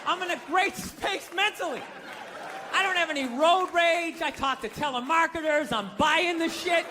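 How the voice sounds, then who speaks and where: A man doing a stand-up comedy set, ranting profanely and shouting his punchlines with incredulous disbelief. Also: very high voice, normal speed. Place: comedy club stage with audience. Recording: live stand-up with crowd noise. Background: audience laughter.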